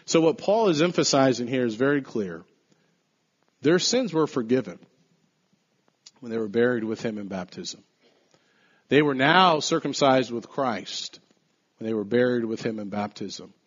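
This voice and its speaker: A man preaching an earnest, emphatic podcast sermon, slowing down to stress key phrases. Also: mid-range voice, animated, husky, dull audio.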